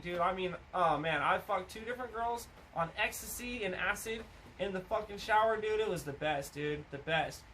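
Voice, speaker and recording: A man rambles through a raunchy party story, cursing freely. His voice sits high and bright. He is picked up from a distance, with a faint noise underneath. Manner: crude, rambling storyteller who swears a lot. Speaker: podcast co-host. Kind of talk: casual stoner chat.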